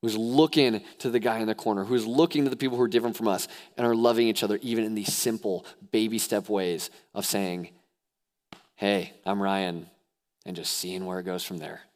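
A young man preaching a sermon as pastor, animated, swinging from hushed lows to excited near-shouts. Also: quick pace, few pauses. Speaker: youth pastor.

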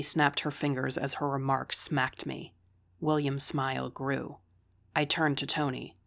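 A woman's voice: a bass voice, level tone, measured pace, creaky, a bit bright. A woman reading a first-person story aloud in a dry, wry manner. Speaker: narrator.

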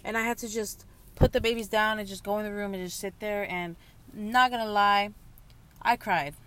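A young woman and mother speaking in a candid personal monologue, halting and emotional, close to tears. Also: mid-range voice, fairly even intonation, a bit bright. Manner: halting, emotional, many restarts and pauses. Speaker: young mother sharing her story.

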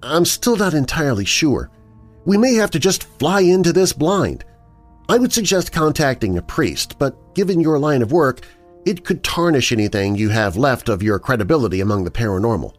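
A level-headed young woman explains things in a measured, matter-of-fact tone, as a male narrator puts her on. The voice is lifted above his usual pitch with lively rises and falls. Faint music sits under it. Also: lightly acted. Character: young woman, the hero's sister, bookish and calm.

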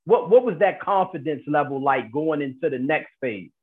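A man hosting an interview, asking questions and encouraging his guest with quick affirmations. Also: fairly high pitch, expressive, phone-quality sound. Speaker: podcast host. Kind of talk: conversational interview.

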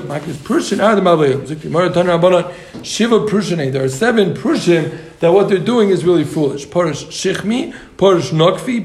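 A man's voice: sits high, reverberant. A man teaching a Gemara class to students, explaining the text and joking with them along the way. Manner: joking, quick asides to students. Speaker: Talmud teacher.

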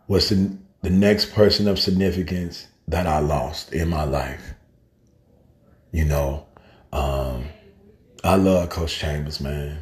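Middle-aged man, lower register, animated street-casual storyteller delivering an earnest tribute. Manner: casual and slangy, calls the listener family and man; animated storyteller, softens when grieving. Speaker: guest speaker. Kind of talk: heartfelt spoken tribute.

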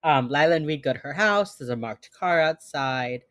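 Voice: mid-range voice, lively intonation, moderate pace, fairly bright tone, no echo. A podcast host recapping a TV episode scene by scene from notes, chatting casually with fillers. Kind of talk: casual chat.

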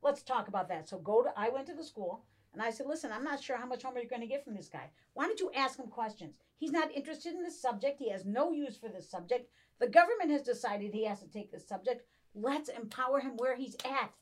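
A middle-aged woman chatting casually, telling animated stories and acting out quoted voices. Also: fairly high pitch, fast, hardly any pauses. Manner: animated storyteller, acts out quotes. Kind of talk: casual chat.

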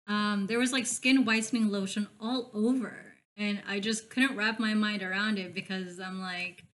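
A woman's voice: mid-range voice, steady tone, moderate pace, a bit bright. A young woman from the Philippines in a casual group chat, talking with lots of "like" fillers. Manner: chatty, many "like" fillers.

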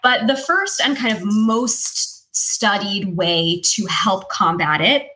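A woman's voice: medium pitch, slow pace, bright, forceful tone, poor audio. A woman career coach as an interview guest on a video call, explaining in an upbeat way and laughing often. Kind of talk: casual interview chat.

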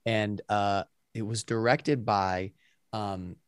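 A man hosting a casual interview, enthusiastic and quick to laugh as he shares his own acting memories. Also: lowish voice, fairly even intonation, clear, resonant tone, no echo, clean studio sound. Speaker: podcast host, actor.

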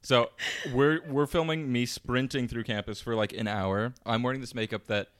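Young man, podcast co-host, casual rambling chat, self-mocking, smooth resonant tone, dry close mic. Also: medium pitch, steady tone, normal speed, no echo. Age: young adult.

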